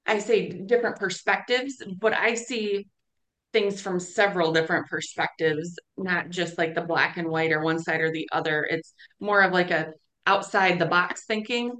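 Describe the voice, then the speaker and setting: A woman casually sharing a personal experience with a fellowship group, halting and restarting as she talks. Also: fairly low pitch, fairly even intonation, a bit bright, low-quality recording.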